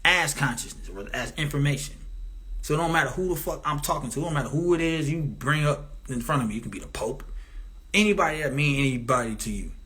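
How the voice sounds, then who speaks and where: A man's voice: on the high side, animated, fast talker, pushed and bright. Rambling, profane, grandiose man. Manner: profane, grandiose, meandering with restarts. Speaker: commentator. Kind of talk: rambling monologue.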